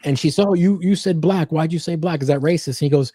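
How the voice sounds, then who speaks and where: Brief: male co-host, very mellow dark tone, dry close sound, reads comments aloud. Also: on the high side, fast, breathy edge, no room sound. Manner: short agreeing replies, reads comments aloud. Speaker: podcast co-host reading viewer comments. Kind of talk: casual chat.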